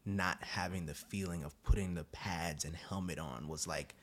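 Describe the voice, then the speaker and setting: Podcast host, young man, very low voice, rambling storyteller who jumps into high voices for quotes. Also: steady tone, normal speed. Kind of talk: casual podcast chat.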